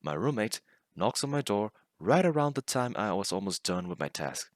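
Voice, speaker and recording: A man's voice: on the low side, very animated, normal speed, no room sound, studio quality. A man casually narrating funny stories and often laughing as he reads. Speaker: storyteller reading online stories.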